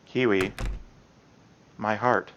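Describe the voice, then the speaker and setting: A man doing a hushed, timid bookish girl. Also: fairly low pitch, fairly even intonation, muffled recording, voice pushed down. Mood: breathless, anxious. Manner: hushed, soft, halting. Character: shy timid young woman bookworm, flustered.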